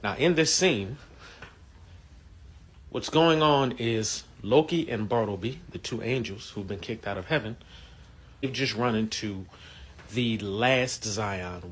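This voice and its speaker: A man casually explaining a film scene and its premise in a relaxed way, with some fillers. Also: on the low side, slow pace, slight background noise. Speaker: movie commentator. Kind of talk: casual spoken film commentary.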